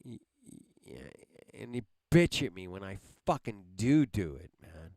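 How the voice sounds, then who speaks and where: With a fairly low, darkish voice at normal speed, a furious host rants at his livestream audience, very animated. Profanity fills the tirade, and phrases end in "man." The audio has no echo.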